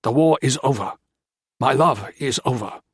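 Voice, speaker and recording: A man's voice: mid-range voice, normal speed, breathy edge, no echo, clean studio sound. A man reading an audiobook, voicing a cold, contemptuous Japanese army colonel who speaks curtly. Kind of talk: audiobook character voice.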